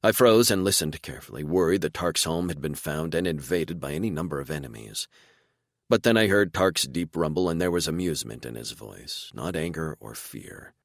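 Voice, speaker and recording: A man narrating a fantasy romance audiobook in first person, with expressive storytelling. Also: extremely low pitch, moderate pace, vocal fry, no room sound, clean studio sound. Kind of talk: scripted narration.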